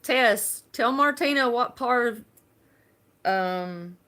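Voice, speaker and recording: A woman's voice: fairly high pitch, lively intonation, takes it slowly, bright, forceful tone. A woman from Alabama with a Southern accent, chatting casually and rambling on a live stream, laughing often. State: unwell.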